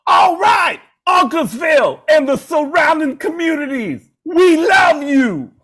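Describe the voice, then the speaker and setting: A comedian doing an impression of a rock frontman, shouting stage banter to an arena crowd in a high voice. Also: big pitch swings, a little slow, heavily acted.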